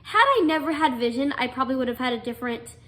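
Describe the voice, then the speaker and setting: A woman's voice: sits high, lively intonation, fast talker, bright, forceful tone. A young adult woman earnestly telling a personal story, full of fillers and restarts. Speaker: guest telling her story.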